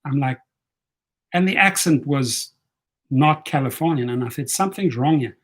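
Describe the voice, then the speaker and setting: A man's voice: mid-range voice, moderate pace, fairly bright tone. A man telling a story in a casual vlog, blunt, profane and fired up. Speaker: rideshare vlogger.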